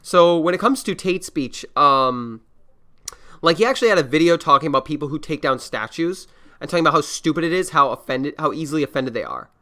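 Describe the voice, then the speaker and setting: A man's voice: on the high side, animated, fairly quick, bright, forceful tone. A man hosting a casual reaction podcast, rambling and swearing freely. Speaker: podcast host.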